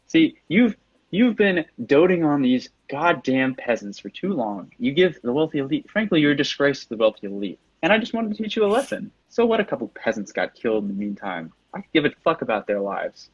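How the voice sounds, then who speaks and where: A man's voice: medium pitch, very animated, brisk, slightly rough, no echo, dull audio, voice pushed up. A man voicing a cocky, pompous wealthy human villain in his thirties, sneering and mocking.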